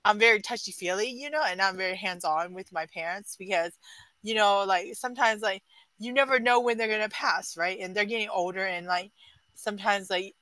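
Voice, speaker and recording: A woman's voice: mid-range voice, fairly bright tone, no echo, rough recording. A woman sharing a personal story at a book club in a chatty, casual way. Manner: chatty, lots of "like" and "you know". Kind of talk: casual sharing in a group discussion.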